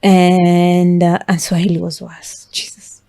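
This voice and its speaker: A woman's voice: lowish voice, takes it slowly, vocal fry. Young Kenyan woman mixing Swahili. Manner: switches between English and Swahili, animated storytelling. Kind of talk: casual chat.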